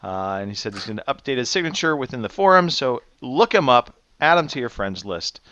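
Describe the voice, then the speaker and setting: An easygoing male podcast host chatting casually with his co-hosts. His voice is bright and forward. The recording is dry and a little dull, like lo-fi audio. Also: mid-range voice, very animated, fairly quick. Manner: easygoing, reads out member intros.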